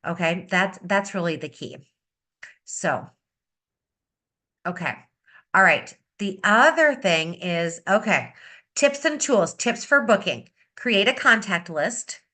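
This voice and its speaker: A woman beauty consultant giving an upbeat, energetic sales-training talk on a video call, repeating her key advice. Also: medium pitch, slow pace. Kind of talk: coaching talk on a video meeting.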